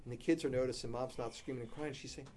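Delivering a sermon, this middle-aged preacher speaks fast with fairly even intonation. His story comes in loud, animated bursts, while his main points get a soft, low-key emphasis.

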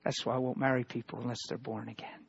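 A man preaching a personal testimony sermon, emotional, swinging between loud outbursts and hushed tones. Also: mid-range voice, flat delivery, fast, vocal fry, lo-fi sound, a little hiss or hum.

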